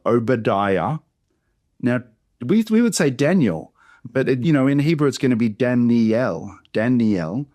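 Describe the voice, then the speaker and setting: Australian pastor, mid-pitched, slow careful syllable-by-syllable workshop teaching, dry close sound. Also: male voice, a little mellow, no room sound. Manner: slow, deliberate syllable-by-syllable modelling. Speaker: pastor teaching Bible reading.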